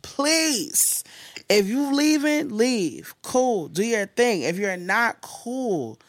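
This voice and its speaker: A woman hosting a podcast, venting in casual chat with blunt, profane and animated talk. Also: on the high side, takes it slowly, dry recording, clean studio sound. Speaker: podcast host.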